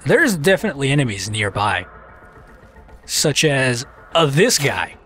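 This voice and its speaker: A man's voice: medium pitch, big pitch swings, a little slow, fairly bright tone, faint music behind. A man giving casual, self-mocking commentary while playing a shooter game, talking back to the enemies on screen. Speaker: let's play commentator.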